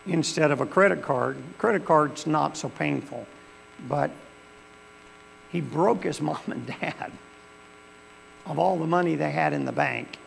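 A man's voice: a little high, a little slow, gravelly, pauses often. A male pastor, preaching a sermon in a church with folksy storytelling that swells into fervent preaching. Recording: long hall reverb with faint mains hum.

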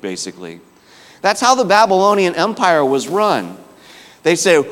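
A man preaching a sermon in a conversational, storytelling way, dropping his voice low for emphasis. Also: expressive, measured pace, in a large hall.

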